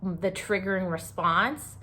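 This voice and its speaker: A woman's voice: on the low side, takes it slowly, bright, forceful tone. A woman hosting a solo podcast, talking candidly about grief in a blunt, profane, impassioned way. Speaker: podcast host.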